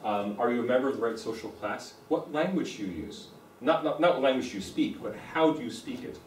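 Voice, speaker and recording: A man's voice: mid-range voice, a little fast. A man with a standard American accent delivers a lecture and often circles back to drive a point home. He stands some distance from the microphone. His voice carries through a reverberant room with faint background noise. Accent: General American. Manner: explanatory, repeats points for emphasis. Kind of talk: university lecture. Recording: roomy echo, speaker away from the mic.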